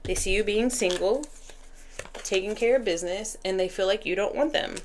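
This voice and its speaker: A woman's voice: mid-range voice, normal speed, a little hiss or hum. A woman giving a casual tarot reading, talking to the cards and spirit as she shuffles. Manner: talks to cards and spirit while shuffling, chatty. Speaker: tarot reader.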